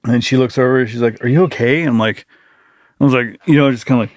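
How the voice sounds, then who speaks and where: A man co-hosting a podcast in casual chat, telling animated stories, acting out what people said and swearing freely. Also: medium pitch, quick pace, no echo. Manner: animated storyteller, acts out quotes, swears freely. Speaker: podcast co-host.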